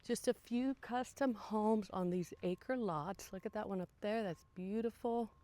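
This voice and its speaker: A woman's voice: mid-range voice, unhurried, mellow, long reverb tail. A woman real estate agent giving a casual walking tour of a house, chatty and enthusiastic as she points out features. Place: outdoors then inside a large house.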